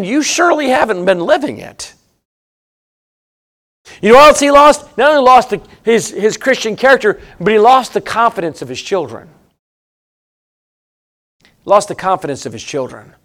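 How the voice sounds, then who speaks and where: A man delivers a sermon in a high voice. He hammers points by repeating them, rising to loud emphasis and then dropping low and quiet. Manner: emphatic, repeats phrases, swings between loud and hushed. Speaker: preacher.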